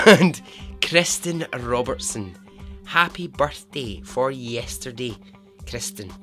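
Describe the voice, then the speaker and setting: A man's voice: mid-range voice, animated, slow, pushed and bright, soft background music. A Scottish man hosting a podcast, telling a true story in a playful, chatty way and laughing often at his own jokes. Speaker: podcast host. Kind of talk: casual storytelling.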